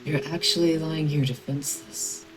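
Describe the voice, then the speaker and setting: A man voicing an earnest young woman soldier from a game by raising his voice high and reading her formal lines. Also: fairly even intonation, normal speed, over music, natural voice, poor audio. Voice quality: high-pitched put-on voice.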